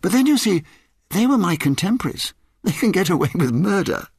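Smooth guy reading show links, expressive, dead-dry booth. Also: sits high, fairly quick, no room sound. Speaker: presenter. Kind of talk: scripted tribute narration.

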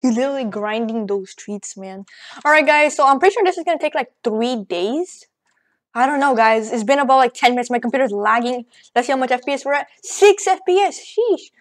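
A woman rambling excitedly through casual gameplay commentary, out of breath and joking as she goes. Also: high-pitched, brisk. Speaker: gaming channel host. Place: at home at a computer.

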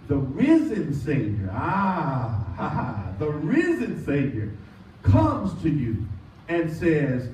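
Male pastor, high-pitched, emphatic preacher with call-and-response; recorded from a distance in a church. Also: mellow, reverberant, dull audio, slight background noise. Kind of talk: sermon. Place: church sanctuary.

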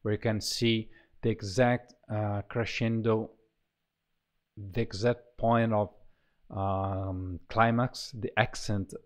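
A man walks through a choir sample library, talking casually and haltingly with many fillers and restarts. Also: on the low side, level tone. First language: Italian. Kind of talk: casual software walkthrough.

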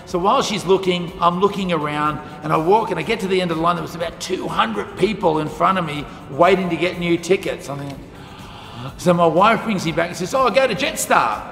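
Speaking quickly in a high voice with some vocal fry, a man teaches school students by telling a story. He gets animated and acts out the quoted dialogue. The hall is echoey, with faint music in the background.

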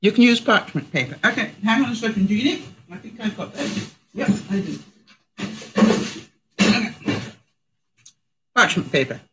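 A chatty Canadian woman of middle age streams herself cooking at home, addressing viewers and laughing often in this casual demonstration. Her voice is on the high side, at a moderate pace with frequent pauses. The low-quality recording carries a little hiss or hum.

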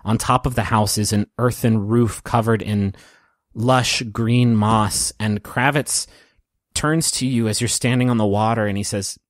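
A man narrating a tabletop game as game master, soft and emotional, with small restarts. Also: fairly low pitch, fairly even intonation, unhurried, no echo, studio quality.

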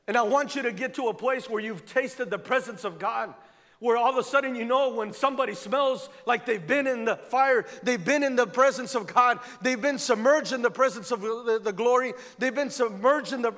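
A man's voice: very high-pitched, normal speed, fairly bright tone. A male pastor preaching a fervent sermon in a church, driving his points home by repeating phrases. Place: church sanctuary. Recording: long church hall reverb.

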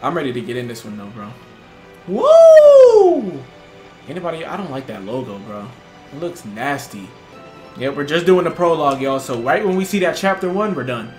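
A young man talks over a game he is playing, tossing out loud, slang-heavy jokes and reactions. His voice sits at a middle pitch and carries a roomy echo. Game music plays faintly behind him. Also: expressive, brisk. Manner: loud, joking reactions with slang and frequent laughs. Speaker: gaming streamer. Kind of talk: casual let's-play commentary.

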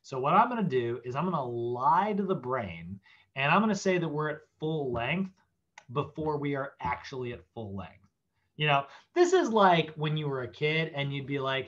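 A man giving a casual fitness class lecture, chatty and animated, acting out body parts in silly voices. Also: medium pitch, normal speed, highs cut off. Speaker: fitness instructor.

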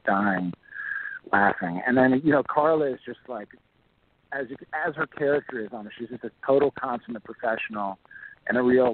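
A man's voice: medium pitch, breathy edge. A man from Texas, an actor guest, chatting casually in a phone-in interview with lots of fillers. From Texas, USA. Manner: relaxed and chatty, many fillers. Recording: tinny phone line.

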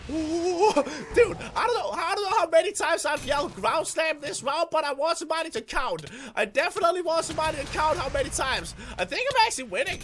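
A man giving excitable gameplay commentary, yelling battle cries and playful trash talk at opponents. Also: extremely high pitch, moderate pace. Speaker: gaming YouTuber.

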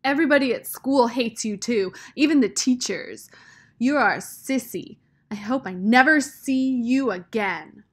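A woman's voice: medium pitch, expressive, unhurried, husky. A woman voicing a stubborn young girl who insists and accuses. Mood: furious.

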